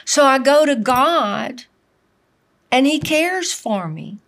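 Slow, earnest woman preaching a sermon. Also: sits high, animated, a bit bright. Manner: earnest, slow and emphatic, often repeating phrases.

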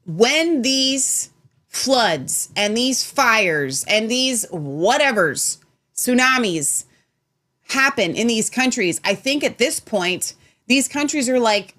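Rambling chatty woman co-host. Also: takes it slowly. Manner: animated, rambling, sometimes drops to low mutter. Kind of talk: casual political chat show.

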